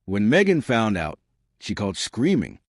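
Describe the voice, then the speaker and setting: Low-voiced man narrating a family drama. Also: huge pitch swings, moderate pace, no room sound, clean studio sound. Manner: reads all characters' dialogue in a mostly plain voice. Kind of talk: first-person story narration.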